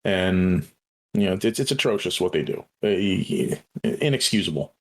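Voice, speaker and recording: A man's voice: deep voice, lively intonation, normal speed. A man co-hosting a podcast, talking casually and earnestly with frequent hesitations and restarts. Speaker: podcast co-host. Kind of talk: casual chat.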